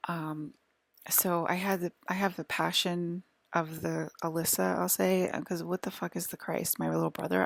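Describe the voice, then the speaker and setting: A woman talks to her camera in a loose, rambling monologue, stopping and restarting her sentences and now and then sinking into a whisper. Her voice sits low and carries a gravelly fry. The recording is close and dry, with no room sound. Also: level tone, no echo. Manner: halting, many restarts and fillers, drifts into whispers. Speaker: vlogger.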